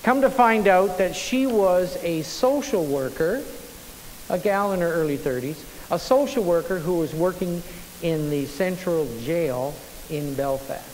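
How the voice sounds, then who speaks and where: A middle-aged man preaching a sermon, telling a personal story with lively, stop-and-start phrasing. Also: sits high, measured pace. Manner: animated storyteller, frequent restarts. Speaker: pastor. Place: church sanctuary. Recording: long church reverb, faint hiss.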